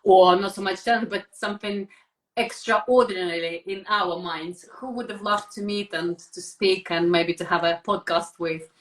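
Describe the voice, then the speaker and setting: A woman's voice: medium pitch, steady tone, moderate pace, fairly bright tone, reverberant, low-quality recording. A woman who moved to the UK hosts a casual podcast interview, asking questions and agreeing often. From abroad, settled in the UK. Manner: leads with questions, frequent agreeing murmurs. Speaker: podcast host.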